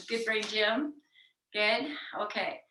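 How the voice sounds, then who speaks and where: Heard at a distance in a reverberant room with slight background noise, a woman leads yoga very slowly in a bright, clear mid-range voice. She gives gentle encouragement and breaks off to demonstrate forceful breathing, sweating from the exertion.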